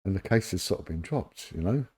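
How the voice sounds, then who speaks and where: Low, husky, and a little fast, this is a middle-aged London man who was formerly a police detective. Appearing as a podcast guest, he tells lively stories in a casual interview and performs the voices of those he quotes.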